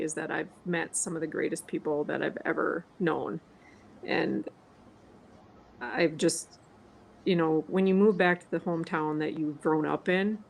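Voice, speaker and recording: A woman with a Minnesotan accent and a slightly low voice chats casually, snarky and laughing often. Faint noise hums behind her. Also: gravelly, low-quality recording. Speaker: livestream co-host. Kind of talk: casual chat.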